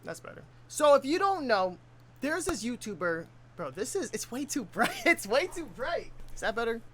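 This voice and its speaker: A man's voice: very high voice, big pitch swings, moderate pace, a bit bright. A man giving casual reaction commentary on a video, full of laid-back slang.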